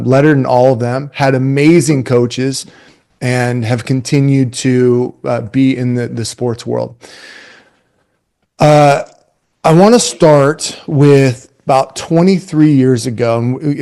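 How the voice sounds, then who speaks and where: Energetic man in his forties telling stories. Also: mid-range voice. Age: 40s. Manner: energetic, conversational, retells stories with animated quoted voices. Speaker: webinar presenter and youth coaching speaker. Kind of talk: casual storytelling talk to coaches.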